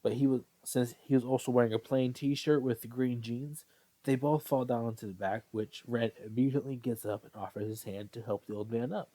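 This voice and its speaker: A man's voice: mid-range voice, fairly even intonation, brisk, mellow, dry recording. A man casually reading a fan story aloud, often stumbling, correcting himself and apologizing. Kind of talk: casual read-aloud with asides.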